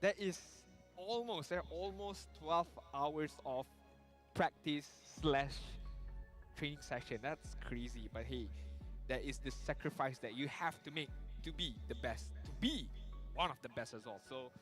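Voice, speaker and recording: A young man shoutcasting an esports match on a stream, explaining picks and stats earnestly. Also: a little high, a little slow. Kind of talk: casual live-stream commentary. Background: game music.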